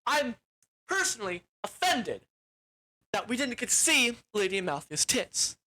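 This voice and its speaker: A young man with a bright, edgy voice talks through a movie plot in a loose, rambling way. He is crude and casual, and he strings his thoughts together with "like" and restarts. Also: very high voice, sing-song, unhurried. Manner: rambling, crude, with frequent "like" fillers. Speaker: movie reviewer.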